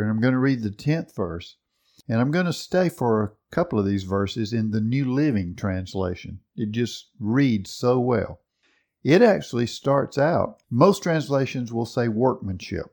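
A man preaching a sermon, teaching slowly and emphatically with dramatic pauses. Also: medium pitch, a little mellow.

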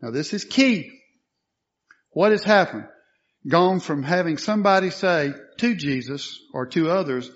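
A man's voice: fairly high pitch, expressive, unhurried, dull audio. A man preaching a sermon, asking questions and answering them, with emphatic statements.

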